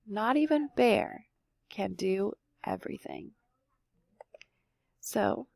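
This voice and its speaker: A woman's voice: fairly high pitch, creaky, dry recording. A young woman teacher reading a folk tale aloud expressively and stopping to ask the listeners questions. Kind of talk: read-aloud storytelling lesson.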